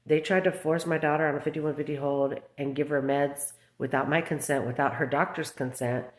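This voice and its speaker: Woman, 30s, low voice, agitated rambling vlog rant, echoey room. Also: fairly even intonation, brisk. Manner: agitated, rambling storytelling full of fillers. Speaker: mother speaking out about her children. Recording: roomy echo.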